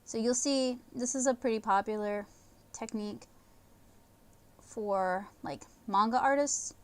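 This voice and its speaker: A woman with a somewhat high voice teaches watercolor on a livestream. She talks in loose, halting phrases as she works, pausing between thoughts. The tone stays casual and explanatory. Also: clean tone. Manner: casual, thinking aloud while painting, halting phrases. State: talking with a candy in her mouth. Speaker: art instructor. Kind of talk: livestream painting demonstration.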